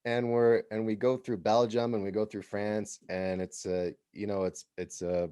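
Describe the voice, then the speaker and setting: Low-voiced American man telling stories. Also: normal speed, clean tone, dry recording, clean studio sound. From United States. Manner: animated, laughs while telling stories. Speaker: podcast host. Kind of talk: casual storytelling.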